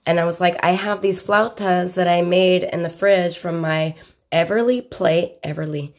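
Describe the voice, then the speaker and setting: A woman's voice: on the low side, normal speed. A young woman co-hosting a casual podcast, a few beers in, teasing and rambling as she talks. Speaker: podcast co-host. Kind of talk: casual chat.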